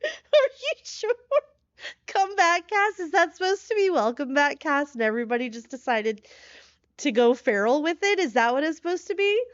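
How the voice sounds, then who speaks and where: A woman streaming live and chatting with her viewers in a fairly high, excitable voice, quick to laugh and quick to swear when something startles her. The sound is slightly dull and lo-fi, and very dry and close. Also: dry recording. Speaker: horror variety streamer. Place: hotel room.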